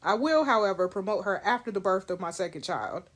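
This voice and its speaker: A woman voicing a steady, formal adult male king in a story game, reading his lines in a measured way. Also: medium pitch, pitched below the performer's own voice, close to an everyday voice. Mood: calm, formal.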